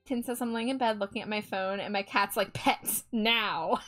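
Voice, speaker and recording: Talking fast over soft background music, this livestream host has a mid-range, slightly bright voice with fairly even intonation. She draws as she chats casually with her viewers, giggling and bubbly while reading their chat messages out loud.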